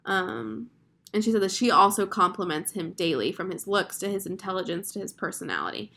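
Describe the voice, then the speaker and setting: Young woman rambling advice, lots of likes and ums, earnest, middle pitch. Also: lively intonation, a little fast, vocal fry, pushed and bright. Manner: chatty, filler-heavy, earnest. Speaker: advice podcast host. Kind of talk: casual advice chat.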